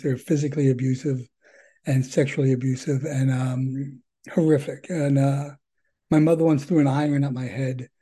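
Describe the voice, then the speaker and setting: A man's voice: medium pitch, dark tone, slightly rough. An older man telling his story at a recovery meeting, earnest and rambling, with many fillers and repeated words. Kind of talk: personal testimony.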